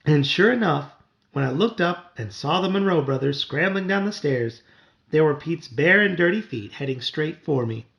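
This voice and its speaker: A man reading a children's novel aloud to his child at home, with wry, expressive storytelling. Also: a little high, normal speed, creaky, highs cut off.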